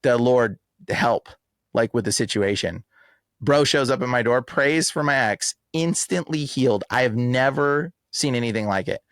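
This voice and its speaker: A man's voice: medium pitch, moderate pace, no echo. Emphatic slangy man, dry close sound. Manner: animated, emphatic, slangy with frequent "bro" and "like". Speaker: exorcist guest. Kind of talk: casual podcast interview.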